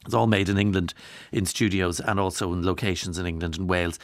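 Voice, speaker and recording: Wry radio host, low voice. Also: male voice, fairly even intonation, quick pace, dry recording. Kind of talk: chatty radio commentary.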